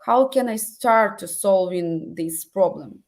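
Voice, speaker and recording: A woman's voice: medium pitch, slow pace, darkish tone. A woman hosting an interview over a video call, speaking in in an enthusiastic, effusive way. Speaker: host. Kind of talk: interview conversation.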